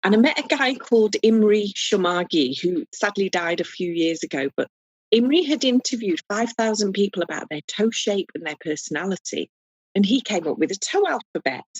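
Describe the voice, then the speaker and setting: Animated woman telling stories. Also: mid-range voice, normal speed, breathy edge, no room sound, lo-fi sound. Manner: animated, humorous, acts out voices in anecdotes. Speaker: guest foot reader. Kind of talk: casual storytelling interview.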